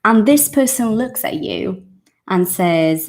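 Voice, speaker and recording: A woman's voice: mid-range voice, lively intonation, slow, a little mellow. A woman teaching an English lesson to her viewers in a casual, emphatic way, repeating key points and addressing them directly.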